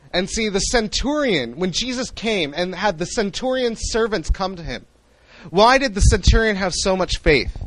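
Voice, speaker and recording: A young man preaching a sermon in an animated way, acting out the voices he quotes. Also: sits high, a little slow, no room sound, low-quality recording.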